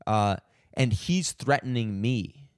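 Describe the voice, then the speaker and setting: A man's voice: on the low side, expressive, slow pace, smooth, no room sound, clean studio sound. A man who is a comedian and podcast host, delivering a profane, indignant comic rant full of stammered restarts. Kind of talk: ranting comic monologue.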